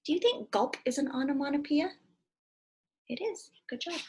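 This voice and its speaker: Woman teacher, fairly high and breathy, animated read-aloud for young kids. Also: fairly quick. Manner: animated, asks children questions. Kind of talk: reading a picture book aloud to young children.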